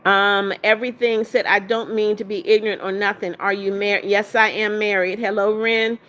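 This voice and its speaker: A woman's voice: mid-range voice, flat delivery, normal speed, fairly bright tone. A woman hosting a casual livestream, reading viewers' comments aloud, greeting them and firmly sending out trolls. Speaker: livestream host.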